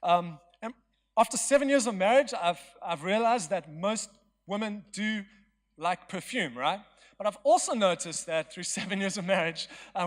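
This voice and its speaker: A young man preaching a storytelling sermon in a chatty, joking, self-mocking way in a church hall. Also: high voice. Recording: long hall reverb.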